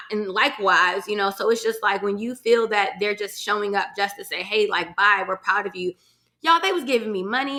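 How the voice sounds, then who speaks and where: A young woman from Virginia talks straight to her listeners in a bright, sharp-edged voice, mid-pitched for a woman. She tells a personal story in a loose, chatty way, full of y'all and casual swearing, and now and then she fights back tears. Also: normal speed. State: emotional, holding back tears at times. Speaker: podcast host. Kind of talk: casual solo podcast storytelling.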